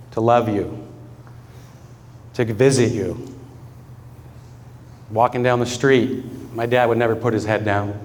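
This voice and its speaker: A man's voice: medium pitch, big-room sound. A man giving a eulogy for his father, telling personal stories in an earnest way and often breaking into laughter. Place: funeral gathering in a room with mourners.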